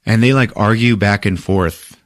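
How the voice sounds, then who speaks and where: A man's voice: on the low side, normal speed, no room sound, studio quality. A man hosting a podcast, casually recapping a movie in a profane, laughing way. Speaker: podcast host.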